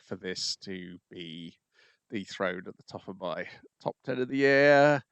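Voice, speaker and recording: A man's voice: low voice, expressive, measured pace, clear, resonant tone, no echo. A man hosting a podcast, talking casually and hesitantly with many ums. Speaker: podcast host. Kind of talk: casual chat.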